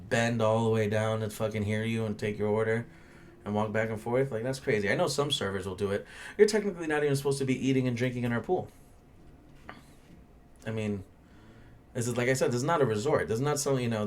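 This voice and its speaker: A man's voice: mid-range voice, a little hiss or hum. A young man who hosts a podcast and works as a bartender, telling a story in a blunt, ranting way and swearing freely. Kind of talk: casual profane storytelling.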